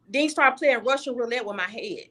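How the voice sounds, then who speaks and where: A woman's voice: fairly high pitch, normal speed, a bit bright. A young woman guest on a video call, telling a personal story candidly and bluntly, often restarting her sentences.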